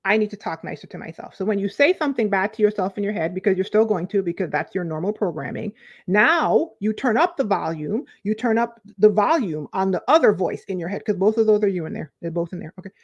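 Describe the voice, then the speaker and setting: Animated woman life coach. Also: medium pitch, fairly quick, slightly rough, highs cut off. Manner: animated, conversational, repeats phrases for emphasis. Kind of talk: direct-to-camera coaching talk.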